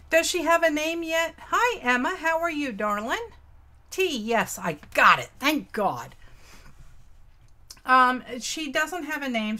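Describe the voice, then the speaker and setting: A woman's voice: high voice, pushed and bright. A woman hosting a casual craft live stream, greeting chat viewers with affectionate pet names and folksy, old-fashioned exclamations.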